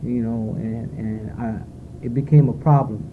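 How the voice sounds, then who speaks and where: A man with a mid-range voice and fairly even intonation speaks at a measured pace, sharing personal testimony at a recovery meeting in a retreat's meeting room. He is heartfelt and rambling, full of fillers, captured on phone-like lo-fi tape with faint noise.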